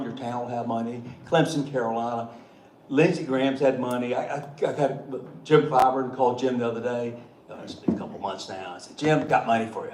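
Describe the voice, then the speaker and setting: A man's voice: medium pitch, darkish tone. A middle-aged man, a state treasurer telling joking, folksy stories to a meeting. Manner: folksy, joking, chuckling often. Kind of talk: storytelling speech at a meeting. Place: meeting hall. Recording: echoey room, faint background noise.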